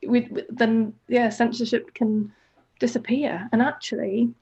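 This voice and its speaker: A woman's voice: on the high side, flat delivery, a little slow, dark tone, slightly rough, highs cut off. A woman co-hosting a coaching podcast, talking in a casual, enthusiastic, rambling way with many "like" fillers. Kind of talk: casual reflective conversation.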